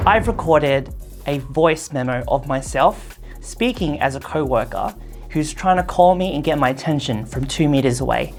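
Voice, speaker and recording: A woman's voice: sits low, expressive, normal speed, soft background music. A woman reviewing a headset in a casual, chatty way, with loose phrasing and frequent fillers. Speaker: tech product reviewer.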